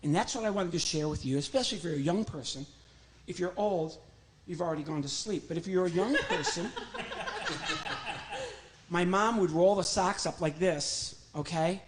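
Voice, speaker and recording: A man's voice: high-pitched, lively intonation, moderate pace, slight background noise, low-quality recording. A man doing stand-up comedy with a puppet, joking about himself and chatting to the crowd. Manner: jokey, self-deprecating, talks to crowd. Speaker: comedian and ventriloquist. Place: home, performing to a virtual audience.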